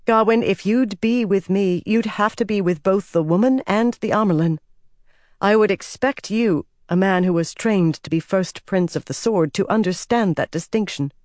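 A narrator voicing a young woman leader who speaks in a cool, measured and commanding way. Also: medium pitch, darkish tone, dry recording, clean studio sound, voice pushed up, lightly acted. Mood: firm. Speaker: Amyrlin.

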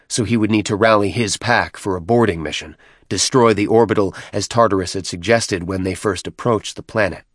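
A man narrating a science fiction story in a measured, even way. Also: low-pitched, no echo, clean studio sound. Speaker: audiobook narrator. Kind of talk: scripted narration.

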